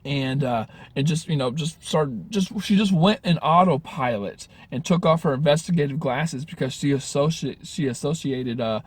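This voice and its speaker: A man's voice: a little high, moderate pace, hardly any pauses, breathy edge, dry recording. A man giving dating advice in a casual vlog, talking earnestly with frequent restarts and self-corrections. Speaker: dating coach.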